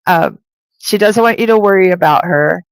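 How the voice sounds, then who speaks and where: A woman's voice: fairly low pitch, normal speed, no room sound, rough recording. A woman working as a psychic medium who gives a live-streamed spirit reading. She talks in a chatty, rambling way, full of "like," with light laughter.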